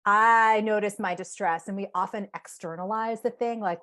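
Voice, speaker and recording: A woman psychotherapist talking casually as a podcast guest, animated, acting out inner voices and saying "like" often. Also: medium pitch, normal speed, hardly any pauses. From United States.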